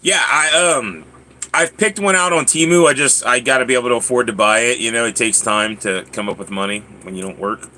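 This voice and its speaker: Bright-voiced man chatting on a livestream. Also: a little fast, a little hiss or hum. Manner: chatty, talks to his pets in a high coaxing voice; answers viewers' chat comments. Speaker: livestream host. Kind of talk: casual livestream chat.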